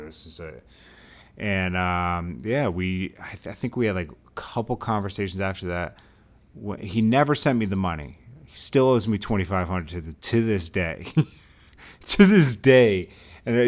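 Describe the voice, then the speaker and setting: Brief: young male vlogger, deep voice, casual storyteller who bursts into loud high-pitched impressions. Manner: animated, acts out quotes with loud high outbursts.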